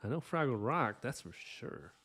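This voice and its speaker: A man hosting an art live stream, chatting casually and earnestly with viewers while he inks, full of fillers and soft asides. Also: mid-range voice, sing-song, moderate pace, husky, soft background music. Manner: earnest, rambling, warm-hearted thanks to viewers. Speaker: live-stream artist host.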